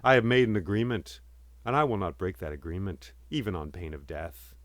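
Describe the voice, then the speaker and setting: A man's voice: low voice, lively intonation, brisk, no room sound, voice pushed down. A man doing a solemn young knight. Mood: resolute. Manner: earnest, solemn, formal.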